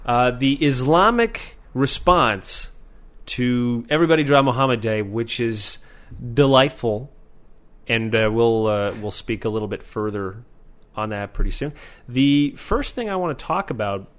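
A man hosting a podcast in casual chat, animated and sarcastic, swearing freely. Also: mid-range voice, unhurried. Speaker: podcast host.

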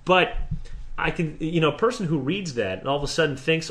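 A man's voice: fairly high pitch, expressive, brisk, a bit bright. A man co-hosting a podcast in casual chat, rambling and profane, restarting sentences often. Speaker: podcast co-host.

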